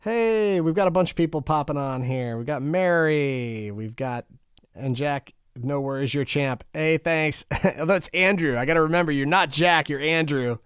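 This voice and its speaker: A man's voice: fairly high pitch, moderate pace, fairly bright tone, smooth, dry recording, clean studio sound. A man hosting a music feedback livestream, chatting casually with viewers and sounding worn out. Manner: chatty, greets viewers by name. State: tired, low energy. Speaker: host.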